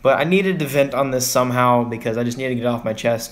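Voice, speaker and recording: A man's voice: mid-range voice, quick pace, hardly any pauses. A young man from Texas hosting a casual livestream, rambling and sighing as he vents his frustration. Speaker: vlogger on a livestream.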